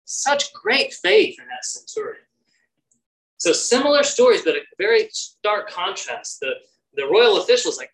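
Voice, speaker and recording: A man's voice: high-pitched, wildly swooping pitch, normal speed, long pauses, fairly bright tone, low-quality recording. Earnest man preaching a devotional. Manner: earnest, prayerful, quotes with rising energy. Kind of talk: devotional sermon.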